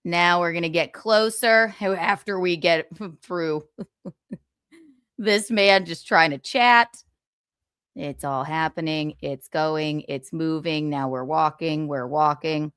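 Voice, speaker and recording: A woman's voice: low voice, slow, a bit bright, smooth, no echo, clean studio sound. A woman in her thirties hosting a livestream, giving casual gossip commentary with sarcastic, profane asides and laughter. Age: 30s. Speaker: livestream host.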